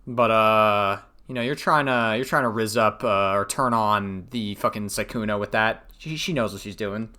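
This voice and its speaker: A man's voice: lowish voice, moderate pace, few pauses, bright, forceful tone. A man reacting to a video as a streamer, talking casually with sarcastic, crude remarks and many "like"s.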